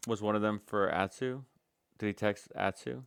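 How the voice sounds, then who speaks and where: A man's voice: fairly low pitch, steady tone, normal speed, gravelly, clear, resonant tone, dry recording, clean studio sound. A man giving casual reaction commentary on a stream, talking in a hesitant, musing way with many fillers.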